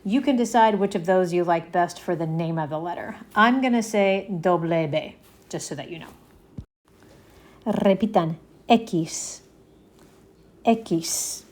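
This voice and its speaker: Slow, patient woman teaching a lesson. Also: lowish voice, a little mellow. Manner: patient, encouraging, checks in often. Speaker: Spanish teacher. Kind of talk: slow repeat-after-me language lesson.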